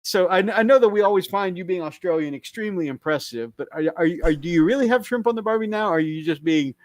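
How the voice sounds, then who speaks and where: Host: man with a high, dry voice, chatty and rambling. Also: lively intonation, fast talker, no echo. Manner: rambling, chatty storytelling with restarts. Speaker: show host. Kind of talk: casual live-stream chat.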